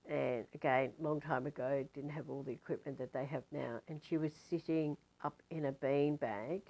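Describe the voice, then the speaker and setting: An older woman who is a spiritual teacher tells a story casually, rambling and animated, with lots of fillers. Her voice sits low and the audio is poor.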